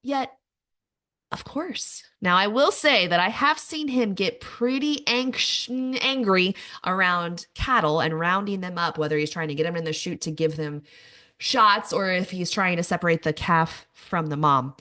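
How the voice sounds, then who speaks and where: Low-ish and sharp in tone, this thirty-something woman speaks at a measured pace. She's a podcast host delivering a personal monologue, sharing her own stories frankly and poking fun at herself.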